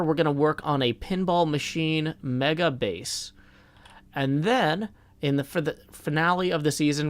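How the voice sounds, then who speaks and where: A man hosting a live stream in a casual, folksy, upbeat way, greeting viewers by name and walking them through his plans. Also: a little high.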